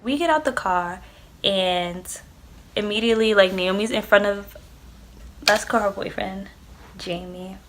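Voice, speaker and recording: A woman's voice: mid-range voice, a bit bright. A young adult woman casually telling a personal story, chatty and loose, swearing freely and filling her talk with "like" and "um". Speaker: vlogger.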